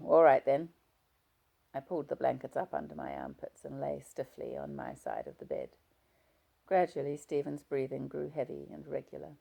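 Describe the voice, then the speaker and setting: A woman narrating a novel in first person with a low voice. Her tone is dark and heavily gravelly, with a steady reading pace. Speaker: audiobook reader.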